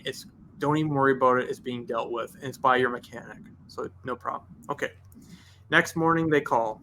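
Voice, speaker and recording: Here a detailing shop owner narrates a lengthy podcast story, lively as he performs both halves of every conversation. His pitch is medium, with a little background noise behind him.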